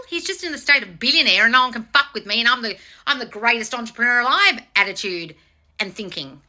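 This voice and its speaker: On the high side and fast-talking, this manifestation coach runs a live stream where she fires back at viewer comments with blunt, sweary answers. She teases, stays animated, addresses viewers directly, and keeps slipping into mocking put-on voices.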